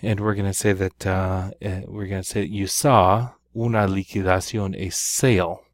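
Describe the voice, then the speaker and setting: A man's voice: deep voice, level tone, moderate pace, dry recording. A man teaching a Spanish grammar lesson, walking through exercises step by step and often checking in with "right?". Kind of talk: recorded classroom lesson.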